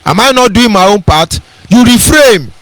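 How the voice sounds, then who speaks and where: Brief: high-voiced Nigerian man, emphatic radio broadcaster who preaches and repeats himself, close dry sound. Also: animated, normal speed, a bit bright, no room sound. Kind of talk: impassioned radio address.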